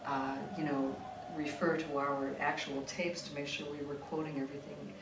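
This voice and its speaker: A woman's voice: low-pitched, flat delivery, moderate pace. A woman author, a former tabloid reporter, reading her memoir dramatically and then chatting in an interview, recorded from a distance in a roomy room. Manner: vivid, dramatic reading; chatty, restarting in talk. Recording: roomy room, distant mic, faint noise.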